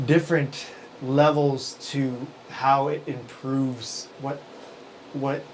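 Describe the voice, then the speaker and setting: A man's voice: medium pitch, low-quality recording. A man in the middle of his range chats casually as host of a livestream. He rambles, restarts his sentences and often breaks into a chuckle, and a faint hiss sits under his voice. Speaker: live show host.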